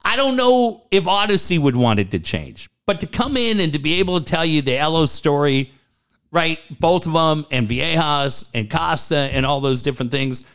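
A man's voice: on the high side, expressive, moderate pace, fairly bright tone, clean tone. A man co-hosting a casual radio podcast, talking in a blunt, profane way. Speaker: co-host.

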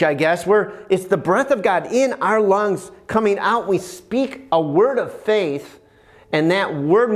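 A man preaching a sermon, emphatic and animated, with bursts of praise. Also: high voice.

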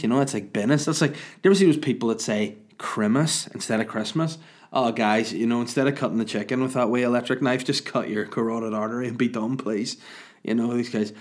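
A man in his thirties with a Northern Irish accent, hungover, telling crude, rambling, animated comic stories. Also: mid-range voice. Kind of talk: casual comic storytelling.

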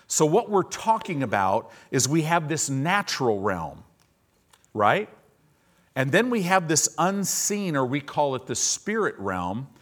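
A man's voice: on the high side, big pitch swings, unhurried, a bit bright. A man preaching a sermon as pastor, reading scripture aloud and explaining it with humorous asides.

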